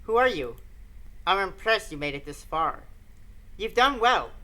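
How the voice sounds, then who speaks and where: A woman voicing a sweetly menacing little ghost girl who speaks in a soft, soothing, coaxing way. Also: on the low side, big pitch swings, a little slow, voice pushed down, full character voice. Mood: eerily soothing.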